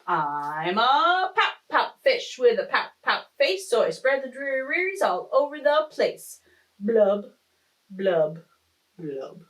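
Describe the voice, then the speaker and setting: A mopey male fish from a storybook, droning through his slow, drawn-out chant, as a woman reads him aloud. His voice rises and sinks across each line. It sounds a little distant from the mic. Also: mid-range voice, very animated. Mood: glum chant. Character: glum, gloomy male pout pout fish.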